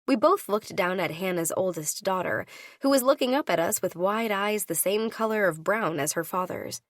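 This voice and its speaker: A woman reading a first-person audiobook, voicing each character with her own shifts in pitch. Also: expressive, moderate pace, no room sound, clean studio sound. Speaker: audiobook narrator.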